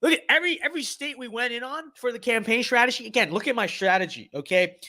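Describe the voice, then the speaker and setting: A young man streaming a game and commenting casually, hyped, jokey and boastful, often shouting with excitement. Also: very high-pitched, quick pace. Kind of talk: casual gaming livestream commentary.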